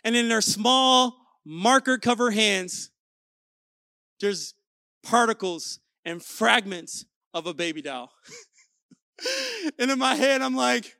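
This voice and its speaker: A young adult man preaching an energetic sermon, telling stories with playful asides. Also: very high voice, slow, creaky, long pauses, clear, resonant tone, no room sound, studio quality. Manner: animated storytelling with playful asides. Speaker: pastor.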